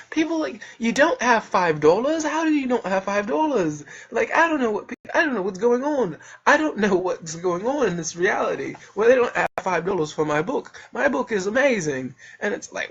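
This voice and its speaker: A young man talks in a husky voice, boastful and jokey, as he rambles through a self-promoting monologue. His pitch swings widely from line to line. The recording is dull and lo-fi, as if made on a home camera. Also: sing-song, normal speed, hardly any pauses, fairly bright tone. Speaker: self-published author promoting his book.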